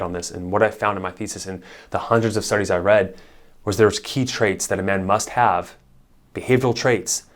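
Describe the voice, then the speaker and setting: A man with a fairly low voice speaks as a marriage therapist. He talks to camera in a blunt, emphatic way and swears casually as he pushes his points. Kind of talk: direct-to-camera advice talk.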